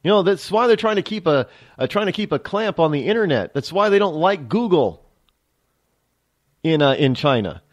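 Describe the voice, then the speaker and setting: A man's voice: a little high, expressive, moderate pace. An American man hosting a talk radio show, delivering a rambling, emphatic political monologue full of restarts and asides. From United States.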